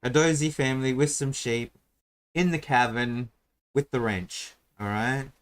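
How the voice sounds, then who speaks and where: A man's voice: medium pitch, a little slow, smooth. Rambling man sketching a dungeon. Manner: rambling, with many fillers and restarts. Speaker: host drawing a dungeon map. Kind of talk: casual chat while drawing and rolling dice.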